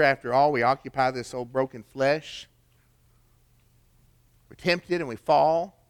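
A man's voice: on the high side, fairly bright tone, clean tone. An older man, preaching a sermon in a folksy storytelling way with rhetorical questions. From American South. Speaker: pastor.

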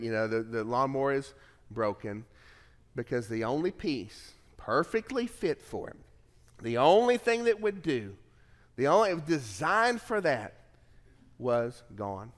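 A middle-aged man preaching a sermon as pastor, telling a family story in an earnest way and swelling louder on key phrases. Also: medium pitch, expressive, moderate pace. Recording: long hall reverb.

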